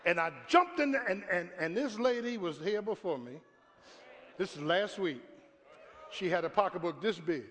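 High-voiced preacher in a reverberant church. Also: male voice, animated, normal speed. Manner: storytelling preacher, shouting at climaxes, talks to the congregation. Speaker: pastor. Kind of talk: sermon. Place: church hall before a congregation. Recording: live church recording with long reverb.

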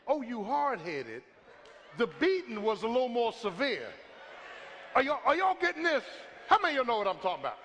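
Preacher man with a real high bright voice, swings up and down a lot, long reverb. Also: big pitch swings, fast, slight background noise. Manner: call-and-response preaching, asks for a witness; builds to shouts, then drops to a hush. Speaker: pastor. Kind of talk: sermon. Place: church sanctuary. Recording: long reverb from a large hall.

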